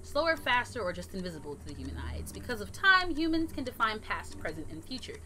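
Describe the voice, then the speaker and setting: A woman voicing a polite, scheming male skeleton gentleman from a video game, speaking calmly and formally as he lectures. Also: mid-range voice, fast. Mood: explaining.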